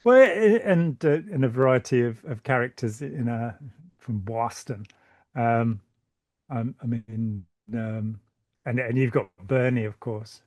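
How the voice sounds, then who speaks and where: A man's voice: mid-range voice, unhurried, a little mellow, dry recording. A British man hosting a casual chat, his voice tiring, joking and rambling as he stumbles over repeated words. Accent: British English. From Britain. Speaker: channel host. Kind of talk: casual conversation.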